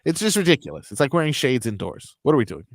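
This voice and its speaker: A man co-hosting sports talk radio in casual banter, speaking with emphasis and excitement and laughing often. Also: medium pitch, fast, dry recording, clean studio sound.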